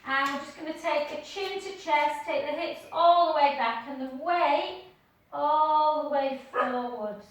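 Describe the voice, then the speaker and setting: A woman leading a live pilates class from home, cueing gently with counts and chatty asides. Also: high-pitched, unhurried. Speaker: pilates instructor. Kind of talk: live online class instruction. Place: home room with dog nearby. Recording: echoey room heard from a distance.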